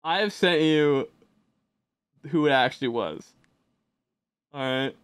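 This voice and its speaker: A man's voice: a little high, slow, a bit bright, clear, resonant tone, no echo. A man co-hosting a podcast, rambling casually with lots of swearing and fillers. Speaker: podcast co-host.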